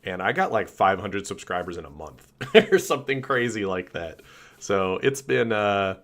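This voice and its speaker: A man hosting a casual live stream, chatting and greeting viewers by name, his voice a little rough. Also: fairly low pitch, big pitch swings, normal speed, a bit bright. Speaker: channel host.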